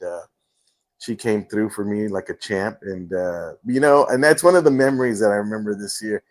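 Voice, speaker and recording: Man, low voice, rambling casual host, lots of fillers, from home. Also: darkish tone. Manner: rambling storyteller, many fillers. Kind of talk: casual livestream chat.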